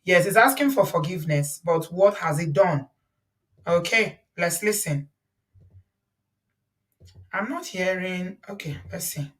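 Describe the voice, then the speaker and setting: A woman's voice: lowish voice, animated, a little slow, long pauses, far from the mic. Chatty Nigerian woman, a bit off-mic. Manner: chatty, laughs often, mixes in Yoruba words. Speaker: host reacting to a video. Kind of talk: casual reaction chat.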